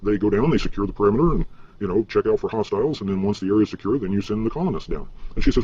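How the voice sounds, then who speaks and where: Low husky guy venting fast into a cam, swears a lot, muffled clip sound. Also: mellow. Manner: frustrated, profane, halting with many fillers. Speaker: vlogger. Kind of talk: rambling vlog rant.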